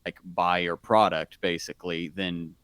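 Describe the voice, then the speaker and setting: A man's voice: sits low, flat delivery, normal speed, fairly bright tone, clear, resonant tone, no echo. A man co-hosting a casual podcast, talking in loose rambling sentences full of "like" and "um". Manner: rambling, heavy use of "like" and "um". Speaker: podcast co-host.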